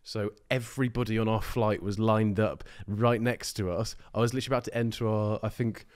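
A man's voice: on the low side, a little fast. A man in his twenties co-hosting a podcast, chatting casually and acting out the people in his stories. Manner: animated storytelling, acts out quoted voices. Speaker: podcast co-host. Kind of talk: casual chat.

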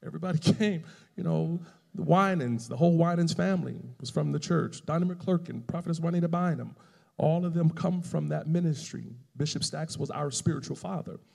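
A male pastor preaching a sermon, telling a personal story and building to loud, emphatic preaching. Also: a little high, brisk, gravelly, long reverb tail.

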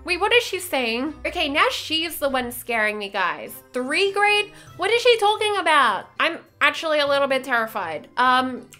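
A woman with a very high voice narrates her gameplay in character. Her tone is bright and sharp, and she keeps gasping and sounding frightened as she plays along. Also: moderate pace, few pauses, soft background music. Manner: excitable, gasping, scared-sounding play. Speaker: gaming YouTuber. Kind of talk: role-playing while playing a game.

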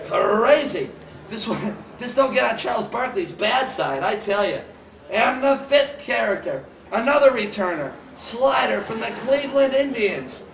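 A man hosting a comic mascot award announcement, hammy and excitable, shouting and whooping between jokey asides. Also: very high-pitched, vocal fry, echoey room, recorded from a distance, noisy background. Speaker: mascot show host.

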